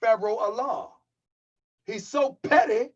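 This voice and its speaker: A man's voice: very high-pitched, takes it slowly, highs cut off. A man hosting his own channel, delivering a heated, mocking rant and calling his viewers family. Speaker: channel host. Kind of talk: livestream rant.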